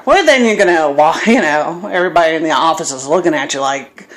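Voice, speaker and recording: A woman's voice: deep voice, animated, fast talker, few pauses. A middle-aged woman in her home kitchen, recording a casual cooking vlog on her phone and wandering into self-deprecating stories. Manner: rambling, self-deprecating storyteller. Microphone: phone camera.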